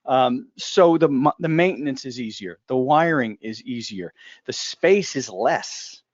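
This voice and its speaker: A man of middle pitch hosts a casual live discussion. He rambles, jokes and restarts his sentences, and his voice comes through a dry, close mic. The sound is a little dull and lo-fi. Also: animated, a little slow, no echo. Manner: joking, rambling, with asides and restarts. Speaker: host.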